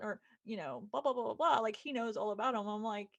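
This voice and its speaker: A middle-aged woman, a podcast co-host and author, tells stories in casual chat, acting out what people said in different voices. Her fairly high, slightly bright voice moves fast with few pauses.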